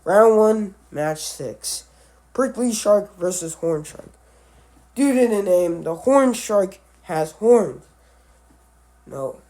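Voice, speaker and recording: Slow, halting male animal vlogger. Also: high voice, lively intonation, warm tone. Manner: halting, with frequent restarts and self-corrections; offhand, musing asides. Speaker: animal video creator. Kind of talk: casual commentary on animal matchups.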